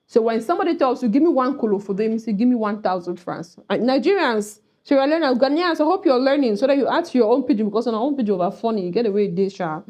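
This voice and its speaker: Warm, slightly high woman, chatty vlog teacher. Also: lively intonation, fast, hardly any pauses, muffled recording. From Cameroon. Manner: chatty, often asks "right?", "you know". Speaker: language teacher vlogger. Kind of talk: casual teaching to camera.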